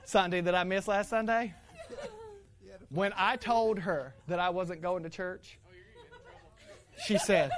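A man preaching to a congregation, telling playful stories about his family with laughter and lively acting-out. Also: high-pitched, takes it slowly, long pauses, a crowd in the background. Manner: animated, playful storytelling with laughter. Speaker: pastor. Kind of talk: sermon with personal stories.

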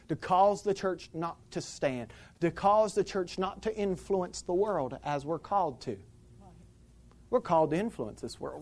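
Fiery preacher building to shouts. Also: mid-range voice. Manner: builds from calm teaching to loud, fiery exhortation. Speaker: pastor. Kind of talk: sermon.

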